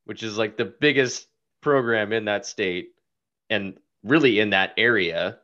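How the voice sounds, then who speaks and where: Man, low voice, dull lo-fi sound, brash joking podcast host. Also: measured pace, pushed and bright. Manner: brash, joking, swears freely. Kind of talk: casual sports podcast chat.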